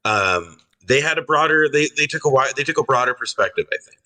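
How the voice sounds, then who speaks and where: A man's voice: medium pitch, expressive, a little fast, pushed and bright, far from the mic, poor audio. A man joining as a guest, talking in a hesitant way full of fillers. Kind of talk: conversational commentary.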